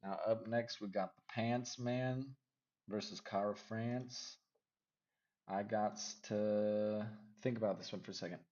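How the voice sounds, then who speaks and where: Low-voiced man rambling through fight picks. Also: steady tone, a little slow, muffled recording. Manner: rambling, second-guesses himself out loud. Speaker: MMA fight picks vlogger. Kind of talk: casual fight predictions.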